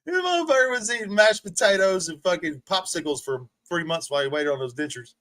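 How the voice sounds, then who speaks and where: A man's voice: sits high, animated, fast talker, a bit bright, dry recording. A man streaming, ranting and mocking someone with profanity and frequent laughter, from a recliner indoors. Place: indoors, sitting in a rolling recliner.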